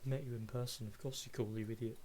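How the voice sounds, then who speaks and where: A man's voice: medium pitch, flat delivery, quick pace, darkish tone, a little hiss or hum. A man chatting casually on a game-night call, cracking dry teasing jokes.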